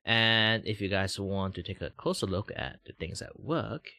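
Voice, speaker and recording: A man's voice: moderate pace, gravelly, heavy background noise. A young man from Malaysia with a light British lilt on his Malaysian English chats casually on a livestream. He rambles and stretches out his words. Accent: Malaysian English with a slight British lilt. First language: Mandarin. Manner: rambling, jumps between high and low pitch. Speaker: VTuber streamer.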